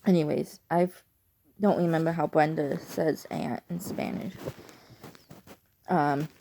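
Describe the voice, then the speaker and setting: A woman's voice: low-pitched, fairly even intonation, slow, vocal fry, mellow, a little hiss or hum. A woman from Chicago with a speech impairment, chatting casually in a rambling, unsure way on her vlog. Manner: rambling, digressive, often unsure. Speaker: vlogger.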